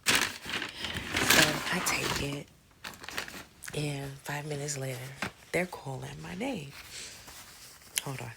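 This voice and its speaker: A woman casually telling a personal story, animated and slangy, often dropping into breathy whispers. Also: deep voice, slow, pauses often, heavy background noise.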